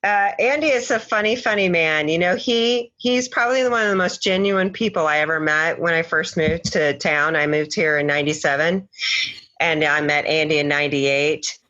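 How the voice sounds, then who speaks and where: A woman from the American Midwest talks earnestly on a podcast and laughs easily. Her voice is bright and forceful, set on the lower side for a woman. The recording sounds dull and lo-fi. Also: moderate pace. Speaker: guest from a charity. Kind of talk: casual podcast conversation. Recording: dull lo-fi audio.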